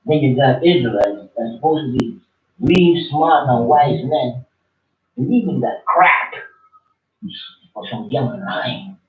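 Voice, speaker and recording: A man's voice: medium pitch, takes it slowly, long pauses. Preaching man, heard through tinny echo. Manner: animated preaching, swinging between loud and soft, slangy. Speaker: religious teacher. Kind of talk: informal sermon. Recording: tinny, echoey room, from far off.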